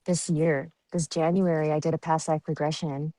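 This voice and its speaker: A woman's voice: deep voice, flat delivery, normal speed, dark tone, no room sound. A woman guest chatting on a podcast, giggly and dreamy, with many fillers. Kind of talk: casual podcast chat.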